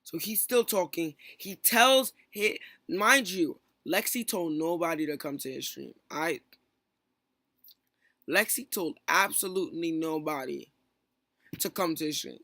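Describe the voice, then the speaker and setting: A young man tells a rambling story in a casual vlog, restarting sentences and snapping into quoted lines. His voice is bright and sits a little high, recorded close and dry with no room sound. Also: no echo. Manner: rambling, restarts often, quotes others in quick bursts. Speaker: stream moderator.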